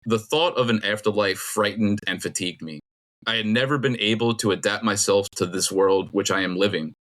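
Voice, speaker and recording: A middle-aged man hosting a casual podcast trivia quiz, rambling and laughing often as he reads clues slowly. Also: lowish voice, fairly bright tone.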